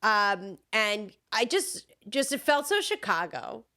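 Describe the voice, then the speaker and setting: A woman's voice: mid-range voice, big pitch swings, takes it slowly, bright, forceful tone. A young woman co-hosting a podcast in casual chat, talking eagerly and filling her sentences with "like" and "um". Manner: chatty and enthusiastic, many fillers. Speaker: podcast co-host.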